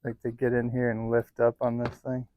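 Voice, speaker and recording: A man casually demonstrating gear in a barn for a vlog, playful and quick to chuckle, sometimes squeaking like a rat. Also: very noisy. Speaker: YouTuber testing rat traps. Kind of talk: casual hands-on demo vlog.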